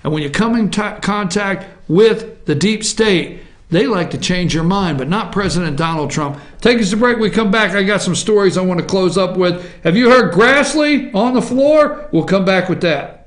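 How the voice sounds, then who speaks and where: A man's voice: sits high, animated, moderate pace. A man hosting an opinion talk show, ranting in a combative monologue and punctuating points with "okay?". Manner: combative, repeats "okay?" often. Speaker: host.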